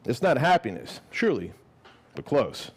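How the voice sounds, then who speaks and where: Brief: man reads his own short story live, lively swooping delivery, loose and profane between passages. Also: mid-range voice, normal speed, slightly rough. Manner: lively and expressive, casual and swearing when speaking off the page. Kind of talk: live reading of fiction, then casual explanation. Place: gallery event before a live audience.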